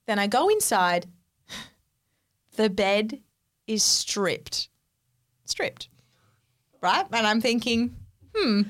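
Animated young woman storyteller. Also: a little high, unhurried. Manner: animated, exasperated, swears freely. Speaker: podcast co-host. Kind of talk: casual storytelling chat.

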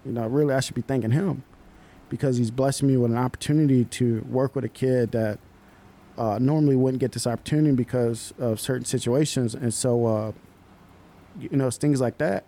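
A young man, a basketball coach, talking casually on a podcast and telling stories in relaxed, slangy speech. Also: medium pitch. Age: young adult.

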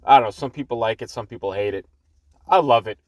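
Speaking quickly in a mid-range voice, a podcast host from Boston, Massachusetts, thick accent and all, records solo and unscripted in his parked car on an earbud mic. He's rambling and profane, full of fillers, restarts and blunt swearing. The recording is dry and studio quality.

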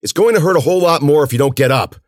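A man voicing a tough young woman who fights off monsters, shouting urgent commands in a raised voice. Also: on the high side, huge pitch swings, normal speed, dry recording, studio quality, voice pushed up. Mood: frantic.

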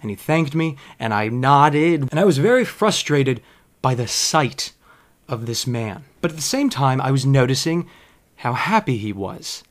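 Animated man telling a comic story. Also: mid-range voice, a little slow. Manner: animated, self-mocking, frank.

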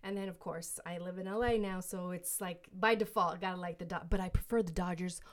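A woman from New York co-hosting a casual podcast, firing off quick short questions and laughing easily. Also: fairly low pitch, steady tone. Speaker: podcast co-host.

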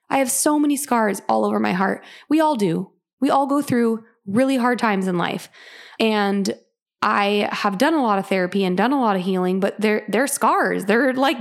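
Woman, young adult, casual storytelling, chatty, lots of fillers, gravelly. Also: on the high side, moderate pace. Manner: chatty, many "like" fillers, animated retelling. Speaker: podcast host sharing her story.

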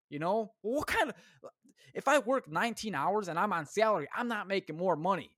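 A man with a high, animated, fairly bright voice talks briskly on his solo podcast, recorded at studio quality without echo. His casual rant is full of constant swearing and tangents, rambling along as he keeps interrupting himself.

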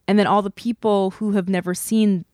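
A woman's voice: mid-range voice, steady tone, brisk, dark tone, dry recording. Earnest woman host, dry sound. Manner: earnest, gushing, heavy use of like. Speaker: podcast host. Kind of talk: casual podcast chat.

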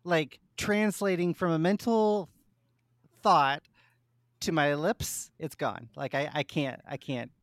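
A woman co-hosting a casual podcast, easygoing and quick to laugh, often trailing off mid-thought. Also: deep voice, dry recording, clean studio sound. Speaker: podcast co-host. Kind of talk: casual chat.

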